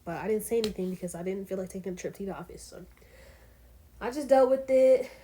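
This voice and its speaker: A woman's voice: medium pitch, fast talker, mellow, slight background noise. Chatty teenage girl telling a story. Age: teens. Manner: chatty, rambling, full of fillers and asides. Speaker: vlogger. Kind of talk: casual storytime vlog.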